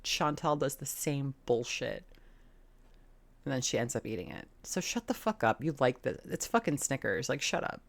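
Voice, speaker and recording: A woman's voice: extremely low pitch, expressive, moderate pace, creaky. A woman hosting a reaction video, talking bluntly and sarcastically and swearing often. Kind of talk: casual commentary.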